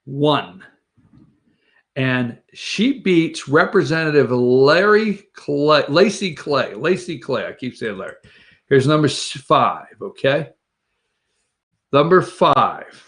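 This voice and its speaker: A man's voice: medium pitch, animated, takes it slowly, fairly bright tone. A man hosting a political talk show, rambling and opinionated, mocking the people he quotes. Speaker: host.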